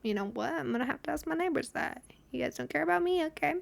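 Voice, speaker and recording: A woman's voice: sits high, lively intonation, fast, vocal fry, a little hiss or hum. A young woman hosting a casual solo podcast, telling stories with swearing, laughter and acted-out quotes. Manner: chatty storytelling with frequent swearing and laughter; acts out quotes in dramatic voices. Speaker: podcast host.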